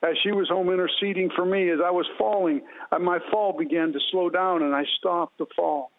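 A man's voice: high-pitched, steady tone, brisk. A man calling in to tell an earnest personal testimony, repeating phrases as he builds the story. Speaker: caller telling his testimony. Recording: tinny phone line.

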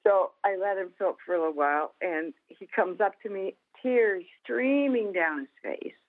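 A woman guest minister tells her stories in a folksy, animated way and laughs easily. Her voice comes through a narrow, tinny, phone-like channel. Her pitch sits in the middle. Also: normal speed. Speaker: guest author and revival minister. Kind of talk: storytelling in a Christian TV interview.

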